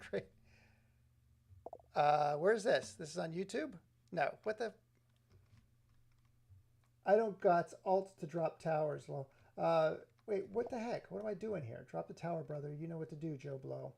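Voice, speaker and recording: A male streamer with a gravelly, husky voice chats loosely with his live viewers, excitable and scattered. His tone is dark and mellow, jumping from thought to thought and greeting people as they arrive. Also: on the high side, unhurried, pauses often. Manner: excitable, scattered, talks to chat, laughs often.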